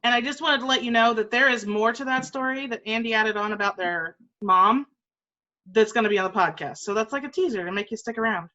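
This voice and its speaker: A woman co-hosts a streamed show in a friendly, conversational way. Her voice is bright and a little high. The sound is dull and lo-fi. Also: fairly quick. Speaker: show host. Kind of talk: casual chat on a streamed show. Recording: dull lo-fi audio.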